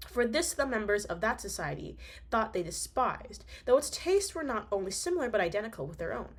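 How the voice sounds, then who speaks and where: A woman's voice: a little high, sing-song, brisk, husky. A young woman reading a classic novel aloud, breaking off for slangy, chatty asides. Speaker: audiobook reader.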